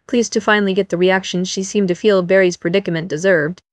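A woman narrating a novel as an audiobook in an even storytelling manner. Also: medium pitch, fast talker, no room sound.

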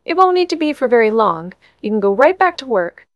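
A woman voicing an eager, nervously reassuring mother who talks excitedly about family fairy magic, in an audiobook. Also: a little high, a little fast, dry recording, voice pushed up. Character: eager, nervous middle-aged mother, chatty fairy-line enthusiast. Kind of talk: audiobook narration.

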